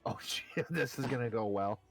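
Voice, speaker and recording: A man's voice: medium pitch, moderate pace, creaky, faint music behind. Casual joking man at the table. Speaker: player.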